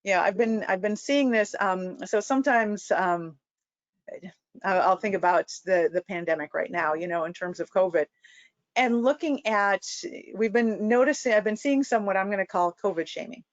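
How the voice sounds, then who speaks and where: A woman's voice: mid-range voice, moderate pace, dry recording. Woman clinician, training lecture, chatty with fillers, dry muffled recording. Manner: conversational, many "you know" fillers and restarts.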